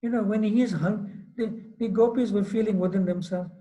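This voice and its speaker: A man teaching a scripture class, retelling a story with lively acted-out quotes and frequent "you know" asides. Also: high-pitched, brisk, low-quality recording. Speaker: monk lecturer.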